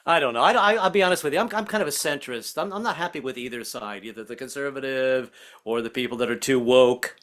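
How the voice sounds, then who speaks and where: A man's voice: mid-range voice, fast talker, a bit bright. A man doing a stand-up comedy set, stammering and restarting often and slipping into put-on voices. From American South. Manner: stammering, self-interrupting delivery with frequent put-on voices.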